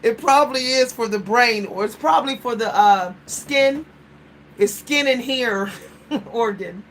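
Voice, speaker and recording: A woman's voice: fairly high pitch, measured pace, a little hiss or hum. A woman hosting a casual chat, musing playfully and laughing often, with features. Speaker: host.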